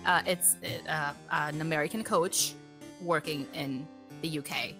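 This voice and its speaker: A woman's voice: sits low, fairly even intonation, measured pace, over music. A woman with a background co-hosting a casual podcast, bubbly and giggly, often tripping over her words. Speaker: podcast co-host. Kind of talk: casual chat. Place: home in Mexico, on a video call.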